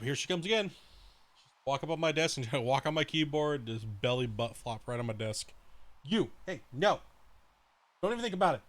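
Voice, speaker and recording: A man's voice: mid-range voice, a bit bright. Profane, rambling male game streamer. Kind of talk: casual chat during a live stream.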